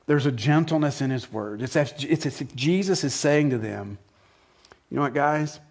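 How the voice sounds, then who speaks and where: A man, the church's pastor, preaching a conversational sermon with rhetorical questions that swings between forceful emphasis and quiet, soft passages. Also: mid-range voice, expressive, normal speed.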